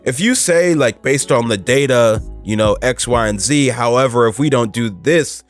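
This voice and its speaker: A man's voice: mid-range voice, normal speed, faint music behind. Casual emphatic man hosting a podcast. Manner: casual and emphatic, many fillers, rising for stress. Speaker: podcast host. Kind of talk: motivational podcast monologue.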